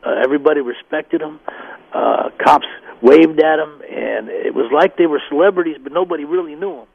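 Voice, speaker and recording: A man's voice: fairly high pitch, fairly quick, gravelly, breathy edge, dry recording. Man from Colorado on a tinny phone line. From Denver area, Colorado. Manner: storytelling, acts out quoted voices. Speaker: guest, former gang member. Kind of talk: telling his life story in an interview.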